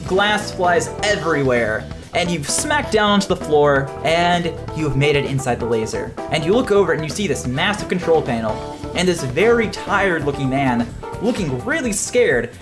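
A man running a choose-your-own-adventure game as game master for a podcast, animated and often laughing as he narrates. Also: fairly high pitch, normal speed, over music. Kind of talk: narrating a tabletop role-playing podcast.

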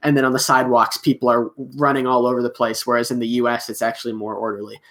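American man, guest on a chat podcast: easygoing explainer who acts out short exchanges, mid-pitched voice. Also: little pitch movement, fast, fairly bright tone. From United States. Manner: explanatory, acts out little dialogues, many fillers. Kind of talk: casual chat.

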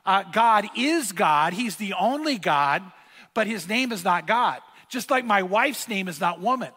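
A middle-aged pastor preaches a sermon in a casual, conversational style, telling lively stories and acting out the dialogue. His voice is high and husky, at a measured pace, and the church hall around him is reverberant.

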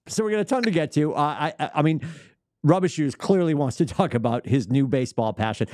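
Animated teasing man hosting a podcast. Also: on the high side, brisk, no room sound. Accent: New England. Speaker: podcast host. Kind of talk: casual sports podcast chat.

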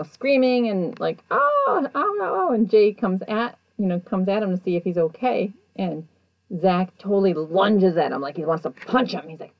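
A woman casually retelling events in a chatty, animated way, acting out what people said. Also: fairly low pitch, dry recording, lo-fi sound. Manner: chatty, animated, acts out quotes. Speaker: show recapper. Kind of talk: casual storytelling recap.

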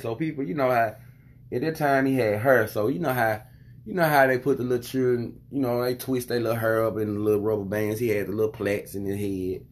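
Mid-pitched man, casual vlogger father, animated profane rant. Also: normal speed. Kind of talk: casual storytelling monologue.

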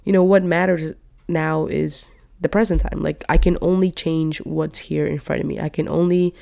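Chatty young woman, smooth clear voice. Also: deep voice, fairly even intonation, moderate pace, dark tone. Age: 20s. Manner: rambling and chatty, frequent "like" and "you know". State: still a little sick. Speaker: podcast host. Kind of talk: casual solo podcast chat. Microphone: podcast microphone.

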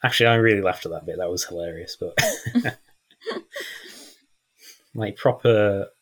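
Man, guest on a chat podcast, very low husky voice, chatty, laughs a lot. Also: moderate pace, a bit bright. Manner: chatty, laughs often, acts out lines from films. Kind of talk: casual film chat.

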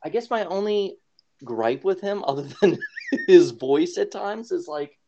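Man, podcast co-host, casual rambling chat, lots of filler words, slightly high voice, dull lo-fi audio. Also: lively intonation, unhurried, dark tone, slight background noise. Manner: rambling, laughs often, many fillers.

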